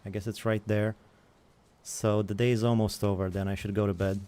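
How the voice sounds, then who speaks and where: A man's voice: on the low side, flat delivery, a little fast, dark tone, smooth. A man giving rambling, self-mocking commentary while he plays a survival game and answers chat. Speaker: gaming streamer. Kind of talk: casual let's-play commentary.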